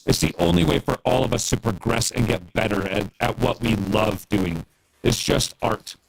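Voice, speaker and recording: A man's voice: medium pitch, moderate pace, vocal fry, slightly rough, dry recording, rough recording. A man chatting casually on a livestream as a guest music producer, earnest and encouraging, rambling with fillers.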